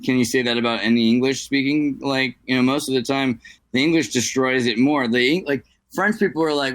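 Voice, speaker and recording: A man's voice: mid-range voice, a little fast, fairly bright tone, dry recording. A man in casual podcast chat, talking in long digressive runs and tossing in French phrases.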